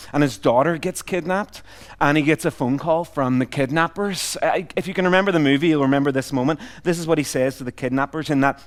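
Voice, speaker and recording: A middle-aged man from Northern Ireland with a Northern Irish accent tinged by Canadian and Australian, preaching a sermon as a visiting pastor in a humorous, self-deprecating, conversational way. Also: fairly high pitch. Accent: Northern Irish, mixed with Canadian and Australian.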